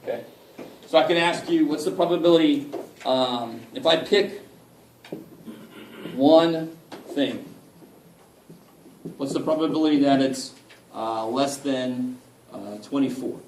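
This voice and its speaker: A math instructor gives a casual college lecture in a loose, joking style, swearing mildly and often asking the class to help him out. His medium-pitched, darkish voice moves slowly with frequent pauses. The echoey room is picked up from a distance, with a little hiss or hum.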